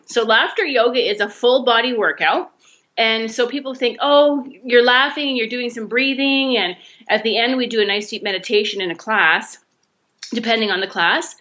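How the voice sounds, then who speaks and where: Upbeat woman, laughter yoga teacher, fairly high voice, dull lo-fi sound. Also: fairly bright tone. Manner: upbeat, encouraging, explains step by step. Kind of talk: guided laughter exercise.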